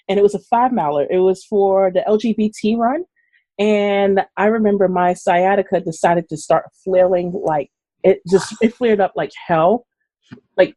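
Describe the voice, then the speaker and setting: Husky-voiced woman telling animated stories. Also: medium pitch. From Brooklyn, New York. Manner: animated, laughing, acts out quotes. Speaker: guest runner. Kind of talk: casual storytelling on a live video chat.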